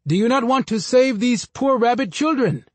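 A man voicing an excitable male monkey who talks slowly and exclaims in a high voice. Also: no room sound. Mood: teasing.

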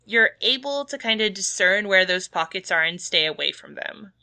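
A woman running a tabletop game as game master, narrating haltingly with many fillers. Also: medium pitch, expressive, creaky, sharp tone.

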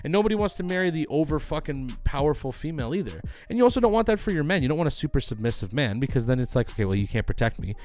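A man's voice: a little high, sing-song, racing, hardly any pauses, a little mellow, a little hiss or hum. A young man co-hosting a podcast, talking animatedly and swearing, acting out quoted voices. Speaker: podcast co-host. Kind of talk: casual banter.

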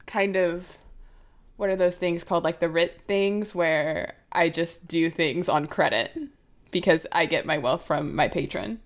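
Low-voiced American woman gamer. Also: a little slow. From United States. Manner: casual, offhand, jokey. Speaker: player. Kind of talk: casual tabletop play.

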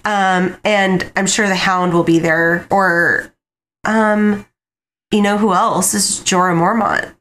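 A woman co-hosting a casual chat, relaxed, agreeing and speculating. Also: medium pitch, slow. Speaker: podcast co-host.

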